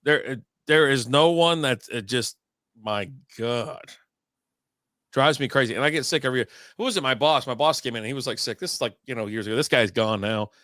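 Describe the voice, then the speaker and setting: A man's voice: mid-range voice, brisk, fairly bright tone, no echo. A man co-hosting a casual beer stream, telling rambling stories, swearing and laughing as he goes. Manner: rambling storyteller, swears freely, laughs at his own stories. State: recovering from illness. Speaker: co-host of a beer and sports stream. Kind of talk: casual chat.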